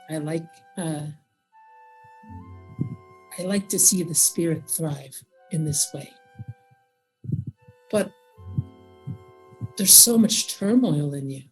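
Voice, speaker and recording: A woman voicing a gentle older female professor who speaks softly and calls people dear. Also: on the low side, animated, takes it slowly, long pauses, soft background music, low-quality recording. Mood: reflective.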